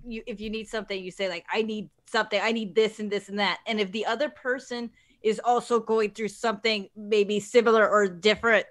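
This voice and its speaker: A woman's voice: medium pitch, steady tone, a little fast. A woman hosting a casual chat, playful and joking, laughing at herself. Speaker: host.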